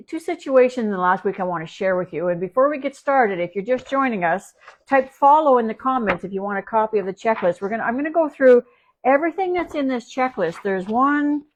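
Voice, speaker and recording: A woman dog trainer from Canada chats through a live stream from her home. She rambles, restarts her sentences and leans on fillers as she tells a story. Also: on the high side. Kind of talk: casual livestream talk.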